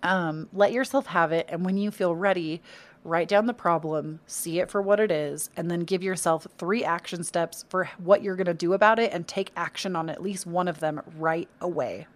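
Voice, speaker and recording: A young woman talks straight to her listeners in a relaxed solo podcast. Her voice sits a little low for a woman, and she is chatty and encouraging. She fills her sentences with "um" and "like". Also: moderate pace. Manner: chatty, encouraging, with many fillers like "um" and "like". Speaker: podcast host and content creator. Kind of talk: casual solo podcast chat.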